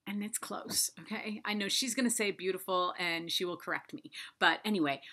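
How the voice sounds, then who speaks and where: A woman hosting an interview with an author, talking in a gushing, excitable way with quick asides. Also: lowish voice. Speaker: podcast host interviewing an author. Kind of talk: enthusiastic interview chat.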